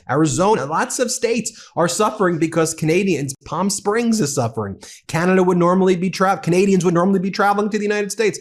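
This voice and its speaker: A man hosting an online commentary show, excited and mocking as he reacts to clips. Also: a little high. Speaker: political commentary host. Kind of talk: casual opinion commentary.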